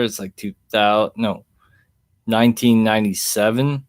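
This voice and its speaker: A low-ish voiced man talks at a moderate pace on a casual livestream, responding to the chat in a rambling, easygoing manner with plenty of chuckles. The audio is from a webcam microphone in an indoor space.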